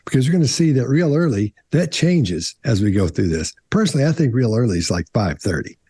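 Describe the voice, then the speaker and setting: A man's voice: mid-range voice, sing-song, brisk, dark tone, husky, no room sound. A middle-aged man on a panel, explaining body language in a rambling way, often restarting and acting out quotes. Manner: rambling, self-correcting explanations with acted-out quotes. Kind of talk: casual panel analysis.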